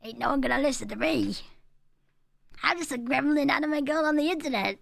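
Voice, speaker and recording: A woman's voice: sits high, a little fast, creaky, a bit bright, no echo, clean studio sound. A young woman, chatting casually with her stream chat, rambling and laughing as she goes. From England.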